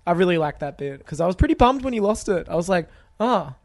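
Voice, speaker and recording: Jokey man, slightly high voice. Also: sing-song, quick pace, darkish tone. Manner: jokey, laughs often. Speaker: podcast co-host. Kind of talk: casual chat.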